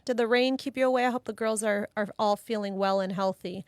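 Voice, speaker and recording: A woman co-hosting a relaxed live chat show, with a mid-range voice that sounds close and dry. She tells family stories and reads viewer comments aloud in an easy, conversational way. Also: medium pitch, fairly quick, hardly any pauses, dry recording. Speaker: co-host. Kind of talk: casual chat.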